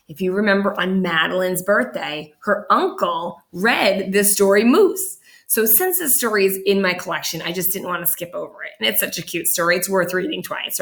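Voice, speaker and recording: A teacher reading a picture book aloud to her class, with animated, expressive storytelling. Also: medium pitch.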